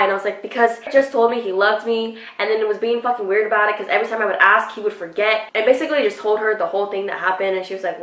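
A woman's voice: medium pitch, quick pace, far from the mic. A woman vlogger telling a storytime, acting out quotes with lots of casual swearing. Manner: animated retelling with acted quotes and frequent swearing. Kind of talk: storytime vlog. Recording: echoey room, voice off-mic.

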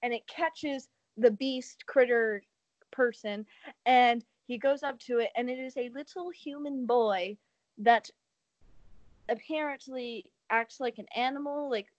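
High-voiced woman on a podcast, sarcastic rambly movie recap, dry kinda dull audio. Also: dry recording. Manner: sarcastic, rambling plot retelling. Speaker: podcast co-host. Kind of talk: casual podcast chat.

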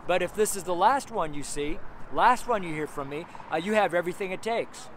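High-voiced earnest male street preacher. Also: a little fast, fairly bright tone, a little hiss or hum. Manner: earnest, rambling, heavy on "you know" fillers and repetition. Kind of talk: personal testimony sermon. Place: outdoors near street traffic.

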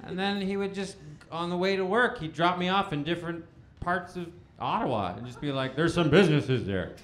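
A man in his thirties with a high, fairly bright voice speaks briskly during a stand-up set at a bowling alley venue. He tells stories animatedly, acting out dialogue in shifting voices, and the recording sounds like a roomy live venue with crowd laughter.

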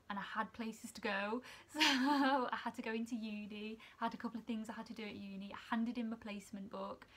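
Young woman, casual vlog chat, emotional, slightly high voice. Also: steady tone, a little fast, fairly bright tone. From England. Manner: emotional, chatty, laughs often, near tears. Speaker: student nurse vlogger.

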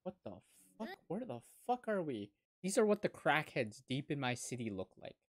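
A young woman hosting an anime reaction, talking over the episode with excited, profanity-laced outbursts. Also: sits low, moderate pace. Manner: excitable, swears a lot, loud sudden outbursts. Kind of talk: live reaction commentary.

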